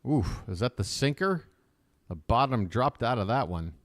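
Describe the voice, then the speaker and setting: A man calling live baseball play-by-play as a fan commentator, chatty and opinionated between pitches. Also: expressive, moderate pace, dry recording, clean studio sound.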